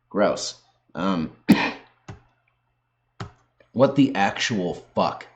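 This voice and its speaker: A man with a lowish voice rants at his viewers in combative commentary. He is sarcastic and swears constantly as he argues his points. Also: slow, pauses often. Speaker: video host. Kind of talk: profane ranting commentary.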